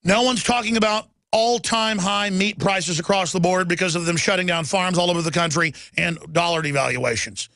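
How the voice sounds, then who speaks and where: A man's voice: sits high, normal speed, hardly any pauses, sharp tone, dry recording. A man hosting a talk radio show, ranting urgently and emphatically, firing off lists. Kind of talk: political rant monologue.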